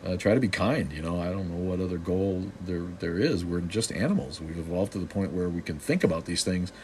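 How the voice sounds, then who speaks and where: Low-voiced, snarky man from Boston, middle-aged, hosting a loose live-stream chat. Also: brisk, a little mellow, a little hiss or hum. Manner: snarky, joking, loose with many restarts. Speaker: live stream host answering viewer comments.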